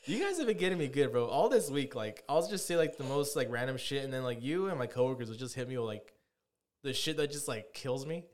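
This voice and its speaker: A young man chatting on a podcast in a rapid-fire, profane rant. He tumbles through his story quickly and keeps slipping into mimicked voices. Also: mid-range voice, lively intonation. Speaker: podcast host. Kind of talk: casual chat.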